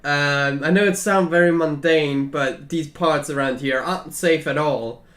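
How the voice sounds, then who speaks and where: Man doing an earnest rambling camp leader, fairly high voice, echoey room. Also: unhurried, fairly bright tone. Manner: earnest, rambling with many fillers. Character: male encampment leader, former scout.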